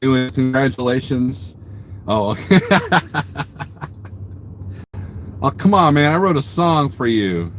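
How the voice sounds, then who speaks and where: A man's voice: mid-range voice, lively intonation, normal speed, a little hiss or hum. A man live-streaming from his parked truck at a truck stop, casually rambling, joking and teasing viewers as he reads their comments. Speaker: trucker livestreamer.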